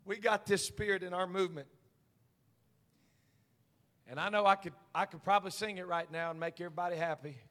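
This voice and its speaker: High, bright-voiced man preaching a sermon. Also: steady tone, a little fast, pauses often. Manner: builds from hushed storytelling to shouted call-and-response preaching. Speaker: senior pastor. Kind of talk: Pentecostal sermon. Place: church sanctuary.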